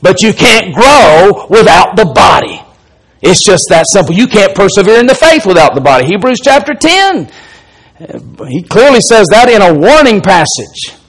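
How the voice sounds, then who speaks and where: A middle-aged man with an Alabama accent preaches from the pulpit. His voice sits somewhat high, and he tells stories with rising, emphatic force. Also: big pitch swings, moderate pace, a bit bright, poor audio. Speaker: pastor. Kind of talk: sermon.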